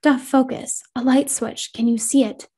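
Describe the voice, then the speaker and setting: A woman's voice: high voice, fairly even intonation, unhurried, warm tone, husky. A woman voicing an anxious, devoted teenage boy who talks earnestly and reassuringly in a horror story reading. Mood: urging.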